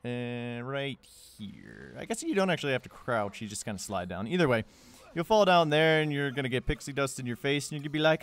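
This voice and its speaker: A man's voice: medium pitch, expressive, a little fast, hardly any pauses, a bit bright. A young man narrating a game walkthrough in a casual, joking way, with sarcastic asides. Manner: joking, sarcastic asides with goofy put-on quotes.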